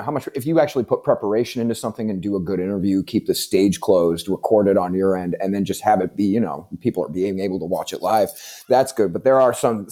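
A man hosting a podcast, chatting casually and telling animated stories with lots of fillers and casual swearing. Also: on the low side.

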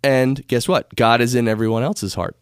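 A US podcast host discusses spirituality in a loose, conversational manner, wandering and correcting himself. He has a smooth, mid-range voice with a steady tone and moderate pace, and the studio microphone recording is clean with no echo.

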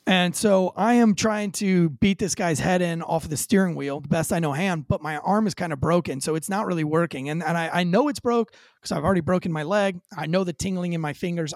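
A man, a former police officer, telling a dramatic story with high energy as an interview guest, acting out quoted lines. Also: brisk, no echo.

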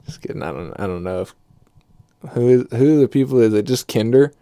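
A man's voice: medium pitch, animated, moderate pace, dark tone, no room sound. A young man riffing through a profane comedic monologue, swearing freely and laughing at his own jokes.

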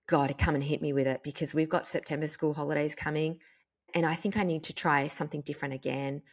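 A woman in her thirties, hosting a podcast and telling a personal story in a frank, animated way with casual swearing. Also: sits low, fast. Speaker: podcast host. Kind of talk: candid personal monologue.

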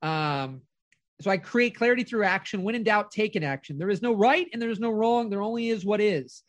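A man's voice: sits high, fairly quick, dry recording. A middle-aged man coaching a caller in an earnest, affirming way, speaking in firm declarations. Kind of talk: motivational coaching call.

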